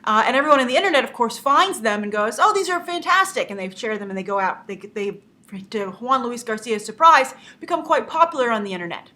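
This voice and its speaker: Bright, animated woman telling a story. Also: a little high, fast. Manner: animated storyteller who acts out quotes. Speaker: movie news host. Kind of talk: casual news commentary.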